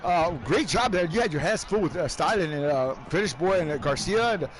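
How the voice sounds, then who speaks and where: A man commentating a sim-racing league live and interviewing drivers afterward, excitable and whooping, calling everyone "man" and "baby". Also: high-pitched, fairly quick, slight background noise. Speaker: race commentator and league host.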